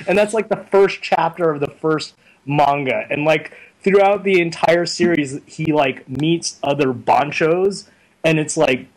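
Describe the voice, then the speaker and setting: Animated young man rambling through a story. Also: fairly high pitch, unhurried, rough recording. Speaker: interview guest. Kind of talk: casual chat.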